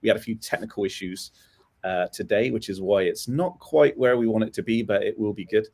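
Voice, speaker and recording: A man hosting a live motocross talk show, relaxed and chatty with plenty of "um" and "uh" fillers. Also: fairly low pitch, brisk. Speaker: host.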